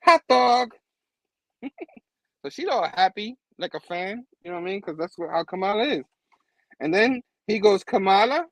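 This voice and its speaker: A man's voice: high-pitched, a little fast, no echo, rough recording. A man hosting a comic book review show, casually recapping an issue in a rambling way, chuckling often and using lots of fillers.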